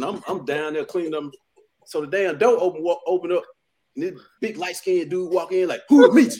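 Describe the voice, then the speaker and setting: A man's voice: fairly high pitch, breathy edge. A man, a barber, telling a shop story in a casual group chat, laughing and acting out the voices of the people in it. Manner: animated, laughing, acts out voices.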